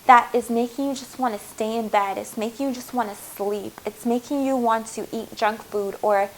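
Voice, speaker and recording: A woman's voice: a little high, steady tone, moderate pace, a little hiss or hum, poor audio. A woman giving a heartfelt spiritual tarot reading, earnest and reassuring, speaking to viewers as her loves. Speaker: tarot reader.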